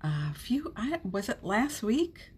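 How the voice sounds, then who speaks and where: A woman hosting a live-streamed motivational podcast from home, chatting warmly, laughing often and reading viewer comments aloud. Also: a little high, big pitch swings, slow pace, breathy edge. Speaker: podcast host. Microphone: streaming setup at home.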